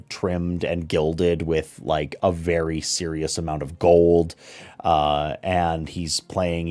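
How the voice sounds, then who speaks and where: Deep-voiced man narrating a tabletop game. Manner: relaxed, many fillers and restarts. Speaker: game master.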